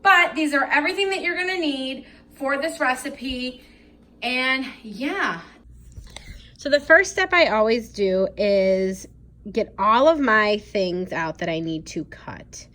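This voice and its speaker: A woman's voice: sits high, lively intonation, slow pace, sharp tone. A woman in her twenties chatting to her viewers as she walks them through a recipe in her home kitchen, upbeat and casual. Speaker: lifestyle vlogger. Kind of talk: casual cooking vlog.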